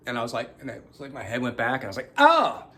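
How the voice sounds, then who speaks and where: A middle-aged man hosts a show, telling a personal story in casual, rapid-fire speech at a medium pitch. He animatedly performs the voices of the people involved, breaking into sudden loud outbursts when he acts out their quotes.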